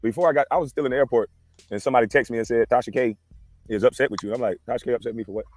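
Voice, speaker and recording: Fast-talking man on a headset. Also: medium pitch, darkish tone. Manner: rambling, cursing, quick talk. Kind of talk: casual livestream chat. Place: outdoors in the wind.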